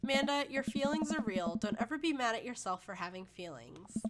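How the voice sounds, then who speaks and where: A gentle, joking father, read by a woman in a fairly high voice, earnest and reassuring as he hands out advice. Loud noise sits behind the recording. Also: big pitch swings, fairly quick.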